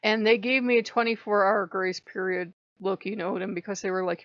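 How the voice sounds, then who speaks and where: A woman's voice: medium pitch, flat delivery, fairly quick, hardly any pauses, dry recording. A woman who is sick, talking in a frank and rambling way in a casual vlog monologue. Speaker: channel host. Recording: dry, slightly dull recording.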